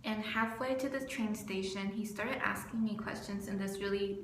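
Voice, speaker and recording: A young woman from California, a student narrating her video essay from a script, earnest and steady. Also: mid-range voice, moderate pace. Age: young adult. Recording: roomy with faint background noise.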